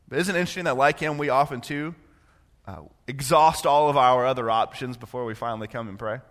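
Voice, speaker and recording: A man preaching a sermon, moving from quiet personal storytelling to impassioned, rising preaching. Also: medium pitch, fast talker, in a large hall. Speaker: pastor.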